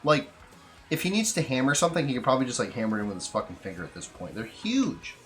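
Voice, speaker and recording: A young man co-hosting a casual podcast chat, telling profane, animated stories. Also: medium pitch, fast, soft background music. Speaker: podcast co-host.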